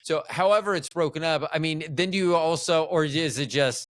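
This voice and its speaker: A man's voice: on the high side, moderate pace, a bit bright, no room sound, studio quality. A middle-aged American man hosting a casual interview, thinking aloud and rambling with frequent restarts. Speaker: podcast host.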